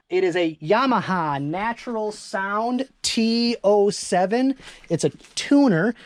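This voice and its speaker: A chatty eBay reseller from northern Michigan, rambling casually through their sales while moving around a home storage room. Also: mid-range voice. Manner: rambling, chatty, self-deprecating. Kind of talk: casual vlog.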